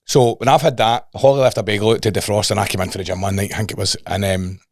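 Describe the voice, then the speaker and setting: A man's voice: on the low side, steady tone, fast talker, dry recording, studio quality. A Scottish man co-hosting a casual fitness podcast, telling rambling stories, swearing and repeating himself. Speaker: fitness coach and podcast co-host. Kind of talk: casual chat.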